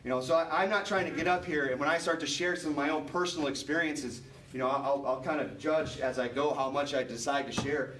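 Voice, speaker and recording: A man preaching a sermon in a church, earnest and repetitive, climbing into emphatic passages. His voice sits a little high for a man and rings through a roomy hall. He is picked up from some distance, with faint room ambience behind him. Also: brisk, few pauses, a bit bright, slight background noise. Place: church sanctuary. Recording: echoey room, mic at a distance. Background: congregation responding amen.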